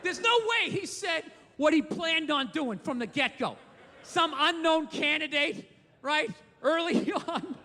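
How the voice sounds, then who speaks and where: Male stand-up comic, high bright voice, ranting with shouted punchlines, live theater reverb, faint crowd. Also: slight background noise. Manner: ranting, shouting bursts, crude swearing. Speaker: stand-up comedian. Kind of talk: stand-up comedy set. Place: theater stage.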